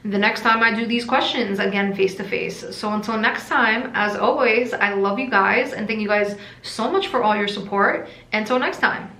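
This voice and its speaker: A woman's voice: medium pitch, normal speed, few pauses, pushed and bright. A woman from Russia who runs a crystal shop, chatting casually and rambling a bit while answering viewer questions in a vlog; she tends to mumble. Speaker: crystal shop owner and vlogger. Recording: roomy echo.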